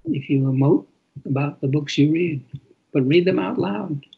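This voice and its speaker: An older man, an author being interviewed, who tells stories in an animated way and acts out quoted lines. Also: fairly high pitch, normal speed, gravelly, husky, narrow, tinny audio. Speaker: author guest. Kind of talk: interview conversation.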